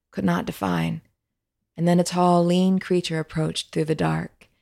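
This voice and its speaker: A woman narrating a fantasy story in a gentle, measured storytelling manner. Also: on the low side, creaky.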